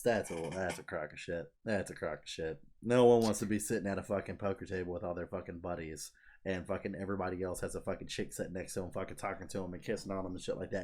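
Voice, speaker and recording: A young man co-hosting a casual podcast chat, swearing freely and acting out stories with big jumps in his voice. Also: low-pitched. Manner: profane, animated storyteller. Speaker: podcast co-host.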